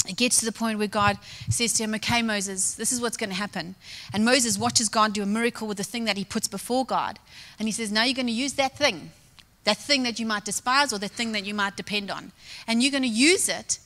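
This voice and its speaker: A woman's voice: fairly high pitch, sharp tone. A woman preaching a sermon, telling a story and acting out quoted dialogue. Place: church hall. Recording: long reverb of a large hall.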